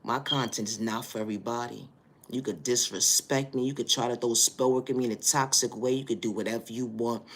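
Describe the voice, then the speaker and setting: Man, spiritual reader, preachy monologue, bright voice, repetitive phrasing, loud emphatic peaks. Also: mid-range voice, fairly even intonation, a little fast. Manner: preachy, repeats stock phrases, builds to loud emphatic bursts.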